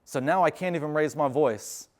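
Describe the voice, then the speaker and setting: A middle-aged man with a slightly raised pitch speaks earnestly and with emphasis, teaching a live class in a university room. He talks plainly, like a veteran sharing his own experience. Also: moderate pace, darkish tone. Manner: earnest, emphatic, gives firm dog commands. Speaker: veteran speaker with service dog. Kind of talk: live class talk and demonstration.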